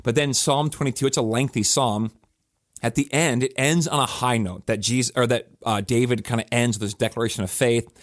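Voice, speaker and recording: Man, pastor, podcast reflection, earnest, conversational, emphatic restarts, average pitch, dry close sound. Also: fairly even intonation, a little fast, no room sound.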